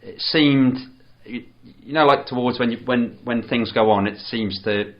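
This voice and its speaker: A man's voice: medium pitch, normal speed. A man co-hosting a podcast, chatting casually about a film, rambling with many restarts. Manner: rambling, full of restarts and "you know". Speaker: podcast co-host. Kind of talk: casual chat reviewing a film. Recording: dull lo-fi podcast audio.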